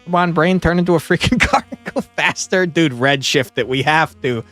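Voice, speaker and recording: A man playing a detective puzzle game and talking through it, excitable, swinging between muttering and yelling. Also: a little high, normal speed, faint music behind. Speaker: gaming streamer. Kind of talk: let's play commentary.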